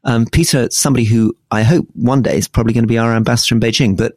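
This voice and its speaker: A middle-aged man co-hosting a political podcast, explaining current affairs in a measured way with frequent restarts. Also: medium pitch, fairly even intonation, darkish tone, no echo, studio quality. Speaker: podcast co-host. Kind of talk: casual political discussion.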